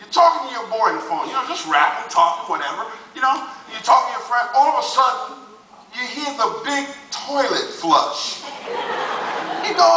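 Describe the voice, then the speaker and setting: An older man doing stand-up comedy on a casino stage, with loud punchy delivery and shouted punchlines. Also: extremely high pitch, big pitch swings, moderate pace, heavy background noise. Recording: echoey audience recording from far off. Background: faint crowd laughter.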